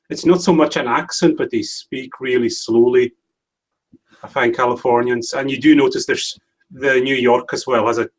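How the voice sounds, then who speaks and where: A man hosting a casual livestream hangout, chatting in a rambling, hesitant way with many restarts. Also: mid-range voice. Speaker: livestream host. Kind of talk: casual chat. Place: home livestream setup.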